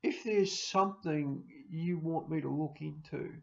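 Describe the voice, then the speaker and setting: A middle-aged man, rambling emotionally to camera in a farewell vlog, breaking into loud mimicry and laughter. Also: on the high side, measured pace, vocal fry. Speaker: YouTuber signing off. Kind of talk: casual personal talk to camera. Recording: dull lo-fi home recording.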